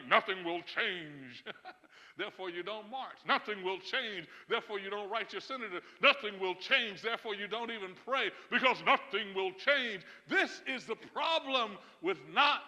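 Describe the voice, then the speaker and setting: A high voice at a moderate pace, bright and forceful, carries through the long reverb of a church sanctuary. The man is a pastor delivering an emphatic sermon, chuckling and making asides to his congregation.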